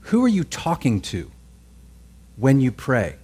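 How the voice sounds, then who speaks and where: A man's voice: medium pitch, huge pitch swings, takes it slowly, mellow, husky. A man preaching a sermon as pastor, in a conversational way, often checking in with listeners and restarting his phrases. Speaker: pastor teaching a Bible class.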